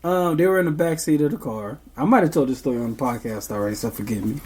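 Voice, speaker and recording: A man's voice: mid-range voice, quick pace, a little mellow, slight background noise. A young man, a podcast co-host, telling a meandering story in casual chat, full of ums.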